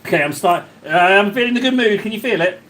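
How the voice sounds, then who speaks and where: He talks fast in a high, a bit bright voice full of lively intonation. The man is hosting a live stream from his home hobby desk, rambling jokily and chatting casually straight to his viewers and chat.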